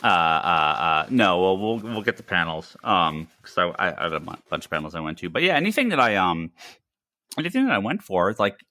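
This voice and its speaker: A man's voice: sits low, very animated, brisk, sharp tone, dry recording, studio quality. A man hosting a podcast in casual chat, rambling with many restarts and swearing freely. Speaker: podcast host.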